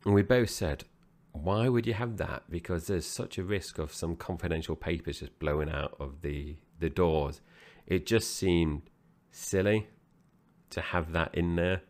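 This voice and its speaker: A man with a very deep, low voice talks through a film in relaxed podcast chat. He rambles, circles back and restarts his sentences as he goes. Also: unhurried. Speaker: co-host of a film review podcast. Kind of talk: casual chat.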